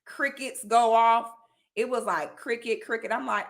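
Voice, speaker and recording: A woman telling a personal story on a livestream in a casual, animated, slangy way. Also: a little high, unhurried, gravelly.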